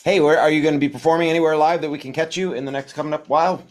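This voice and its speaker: A man's voice: on the high side, fairly even intonation, rapid-fire. A man hosting a virtual comedy show, chatting in an easygoing way with a guest over a video call. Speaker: host. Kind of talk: casual chat with a guest.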